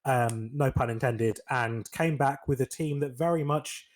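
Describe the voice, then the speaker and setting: A man co-hosting a podcast in casual chat, excitable and quick to marvel at the news. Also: mid-range voice. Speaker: podcast co-host.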